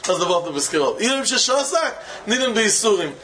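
A man teaching a Talmud passage and telling a story in an animated way, slipping Hebrew and terms into his English. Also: sits high, fast talker, a little hiss or hum. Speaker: Torah teacher. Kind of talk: Talmudic discourse with a told story.

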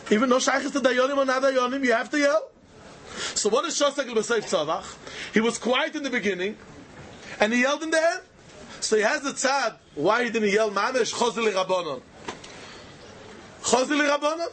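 A man with a Yiddish-inflected English accent lectures on Talmud in a sing-song study chant. His voice sits very high and swings widely as he fires off rhetorical questions. Faint noise runs underneath. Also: lively intonation, brisk, pauses often, fairly bright tone. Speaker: Talmud teacher.

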